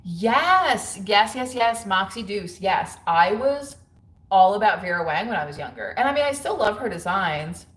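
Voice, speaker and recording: A woman's voice: mid-range voice, animated, normal speed, fairly bright tone. A woman in her thirties hosting a casual livestream, chatting frankly with viewers, laughing often and using lots of fillers. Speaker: livestream host. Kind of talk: casual livestream chat reading viewer comments. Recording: roomy echo.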